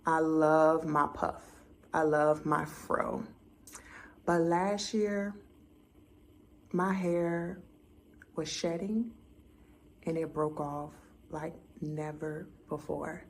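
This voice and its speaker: A young woman vlogging casually, telling a story and acting out her own conversations in an animated way. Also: low voice, very slow, pauses often, slight background noise.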